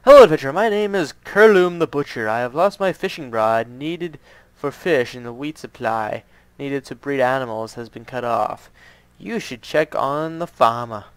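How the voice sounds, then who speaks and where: A man voicing a loud, eager village butcher in a block-building game, reading his lines aloud. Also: medium pitch, lively intonation, moderate pace, smooth, no echo, close to an everyday voice, low-quality recording.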